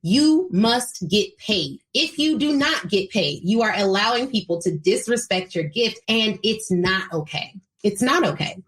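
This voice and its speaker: A woman's voice: mid-range voice, lively intonation, measured pace, few pauses, a bit bright. An American woman hosting a solo podcast as a speaking coach, talking to listeners in an emphatic, preachy and direct way. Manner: plays quoted voices in her retelling. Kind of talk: solo motivational business talk.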